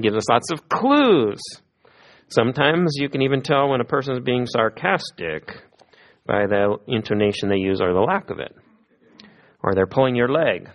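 A man preaching a sermon as a pastor, in a conversational manner with lively emphasis. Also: lowish voice.

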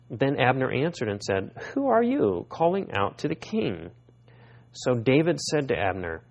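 A man's voice: mid-range voice, big pitch swings, unhurried, gravelly, a little mellow, lo-fi sound. A man preaching a sermon who reads scripture aloud and keeps asking his listeners questions. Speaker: pastor. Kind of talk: expository Bible sermon.

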